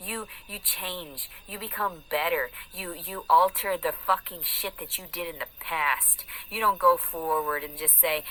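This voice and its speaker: A woman's voice: lowish voice, unhurried, few pauses, sharp tone, slight background noise, low-quality recording. A woman in an angry, profane rant, taunting and aggressive, swearing constantly. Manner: mocking sing-song put-on voices.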